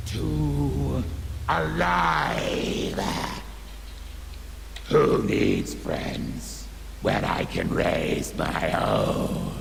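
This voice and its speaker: An actor playing a sinister male Mayan god of the underworld, with a deep, gravelly, menacing voice and theatrical, gloating threats, heard as game audio with long reverb. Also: slight background noise, exaggerated voice.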